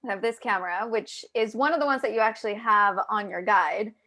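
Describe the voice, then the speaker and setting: A woman's voice: mid-range voice, brisk, bright, forceful tone. A woman hosting a casual live video chat, talking straight to her viewers with lots of restarts, over a video call mic. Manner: chatty, addresses viewers directly, many restarts. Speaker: host.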